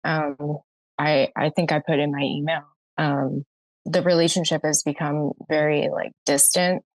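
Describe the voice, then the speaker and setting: A woman in her thirties calling an advice show, nervous and hesitant, pausing often. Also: deep voice, level tone, no room sound, low-quality recording. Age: 30s. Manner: hesitant, many pauses and ums. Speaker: caller.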